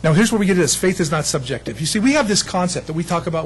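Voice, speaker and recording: A man preaching a sermon as pastor, animated, acting out other people's voices with self-deprecating humor. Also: on the high side, quick pace, few pauses, slightly rough, poor audio.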